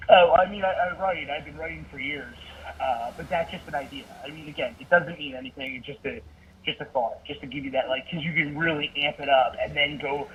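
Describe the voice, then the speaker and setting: A man's voice: fairly high pitch, fairly quick, a bit bright, recorded from a distance, lo-fi sound, a little hiss or hum. A man calling in to give casual advice, speaking hesitantly with many fillers and downplaying himself. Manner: hesitant, filler-heavy, self-deprecating. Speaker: caller, writer.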